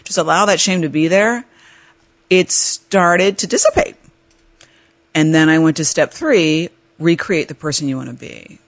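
A woman hosting a podcast, telling a personal story in a chatty, animated way and laughing as she talks. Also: a little slow. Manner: animated, jumps into high-pitched voices when reenacting her panic; chatty, laughs while talking. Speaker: podcast host.

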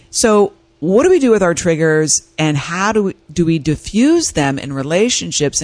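A woman hosting an advice show, telling personal stories in a candid, animated way with frequent laughs. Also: low-pitched, dry recording. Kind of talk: casual talk-show monologue.

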